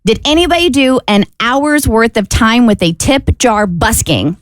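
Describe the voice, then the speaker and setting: A woman's voice: a little high, lively intonation, unhurried, no echo. A woman co-hosting a morning radio show, playfully running a game for the crew. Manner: playful, explaining game rules. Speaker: radio co-host.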